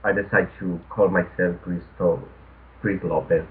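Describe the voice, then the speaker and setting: A man's voice: deep voice, steady tone, measured pace. A man in his forties from Spain with a Spanish accent, a guest artist in a casual interview, speaking hesitantly with many restarts and ums. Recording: tinny phone-like line, faint noise.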